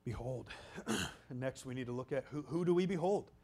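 A man preaching a sermon, emphatic, swinging from loud exclamations down to hushed, almost whispered lines. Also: mid-range voice, lively intonation, fairly quick.

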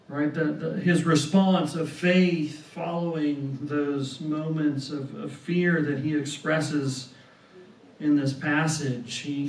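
A man preaching a sermon, slow and deliberate, who often repeats words and tags on "right?". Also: a little high. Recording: roomy sound from a distance.

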